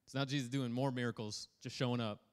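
A man's voice: mid-range voice, steady tone, fast, clean tone. A man preaching a sermon as a pastor, casual and joking, reading scripture aloud and breaking off to comment on it. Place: church hall.

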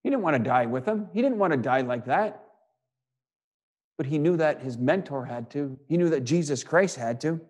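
Preaching man with swinging loudness. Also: a little high, lively intonation, moderate pace. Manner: rhetorical questions and repeated phrases, swinging between loud and hushed. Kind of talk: sermon, reading and expounding scripture.

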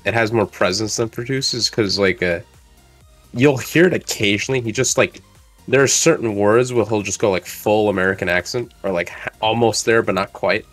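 A man co-hosting, argumentative, lowish. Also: normal speed, a bit bright, no room sound, faint music behind. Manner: argumentative, hedging with fillers. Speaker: co-host. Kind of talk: casual chat.

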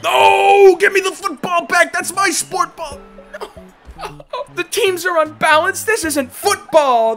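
Guy doing silly gameplay commentary, jumps from yelling to mumbling, super animated voice, quiet music under it. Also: high voice. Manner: mock-enthusiastic, absurd deadpan jokes; swings between shouting and mumbling. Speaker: gaming YouTuber. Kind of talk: comedic let's-play commentary.

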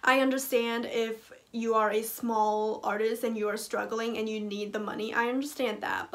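A woman's voice: fairly high pitch, little pitch movement, moderate pace, few pauses. A woman hosting a casual reaction vlog who talks in a playful, joking, teasing way. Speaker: reaction video host.

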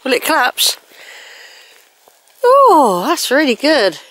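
A woman's voice: a little high, lively intonation, moderate pace. A woman walking in the countryside, chatting breathlessly to her camera. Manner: chatty, coos at animals. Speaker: walking vlogger. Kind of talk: casual walking narration. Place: outdoors on a countryside walk. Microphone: handheld phone camera.

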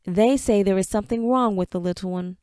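A woman's voice: mid-range voice, fairly quick, darkish tone, no room sound, studio quality, close to an everyday voice. A woman voicing a stern, harsh aging father who barks at his son, read for an audiobook. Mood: grumbling. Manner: gruff, barking, scornful.

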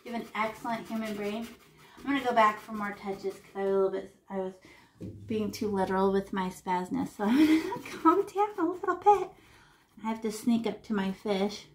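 A woman leading a painting lesson for children, chatty and animated, narrating her brushstrokes with sound effects and sing-song noises. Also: mid-range voice, fairly quick, a little hiss or hum. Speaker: art teacher.

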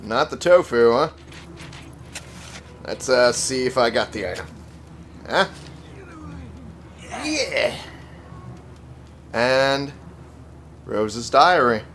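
A man's voice: mid-range voice, big pitch swings, drawn-out words, long pauses, fairly bright tone, slight background noise. A young man casually commentating his gameplay, swearing freely and talking back to the characters with wry humor. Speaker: let's play gamer.

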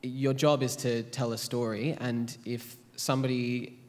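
A man's voice: mid-range voice, little pitch movement, a little slow, a little mellow. A man on a panel, giving earnest, emphatic advice. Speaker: graduate on a panel. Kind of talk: panel discussion.

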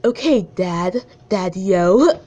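A polite cartoon boy cat asks his father a question in a shaky put-on French accent that keeps slipping toward British, voiced by a woman reading her story. The voice sits slightly low and moves slowly. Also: animated. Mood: hopeful.

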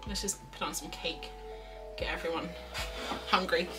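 Far from the mic, with faint music in the background, a young art streamer chats casually and reads chat aloud while she draws. Her fairly low voice has a sharp tone, fairly even intonation, and a moderate pace.

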